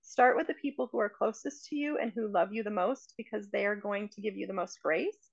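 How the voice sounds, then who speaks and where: A woman's voice: mid-range voice, fairly quick, gravelly, no room sound. A woman in casual conversation, talking earnestly and reflectively as a coach, giving everyday examples. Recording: dry, dull lo-fi sound.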